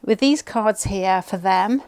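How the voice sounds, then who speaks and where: Speaking slowly in a middle-pitched, darkish voice, a woman records a pick-a-card tarot video from her home. She wanders through the reading, musing aloud and often abandoning sentences to begin again. The sound is clean.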